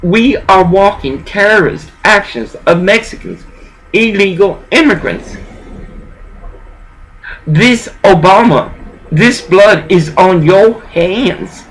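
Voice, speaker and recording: A woman's voice: medium pitch, lively intonation, slow, a little hiss or hum, rough recording. An older woman delivering a rambling, profane vlog rant, dropping in Spanish words here and there.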